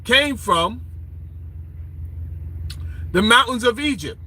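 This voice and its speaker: High, husky, taunting male lecturer. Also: animated, slow pace, pushed and bright, poor audio. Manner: confrontational, taunting, quizzes listeners. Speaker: online lecturer. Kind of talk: profane ranting lecture.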